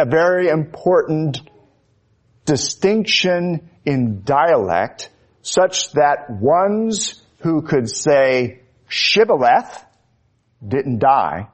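A man preaching a sermon, slow and emphatic, his voice rising when he quotes Scripture. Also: a little high. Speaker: pastor.

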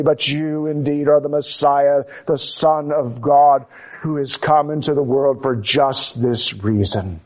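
A male preacher delivering a sermon at an unhurried, deliberate pace. His voice sits somewhat high for a man, and he leans on emphatic phrasing and repeated rhetorical questions. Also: steady tone, a little mellow.

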